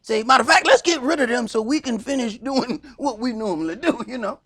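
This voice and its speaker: A man with a Southern US accent teaching a Sabbath Bible class in a loud, animated sermon style, acting out little skits. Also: very high-pitched, a little fast, crowd noise. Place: congregation hall.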